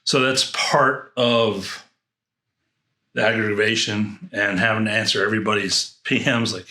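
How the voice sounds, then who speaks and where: A man with a lowish yet bright, forceful voice reviews fragrances in a loose, rambling way, thinking aloud and restarting his sentences. He is recorded in a roomy space with a clear echo. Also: steady tone, unhurried. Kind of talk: casual unboxing review.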